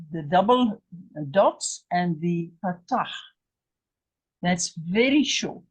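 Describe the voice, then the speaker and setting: An English woman teaches Hebrew in a medium-pitched, slightly rough voice, captured on a rough recording. She patiently repeats each word and spells out its letters.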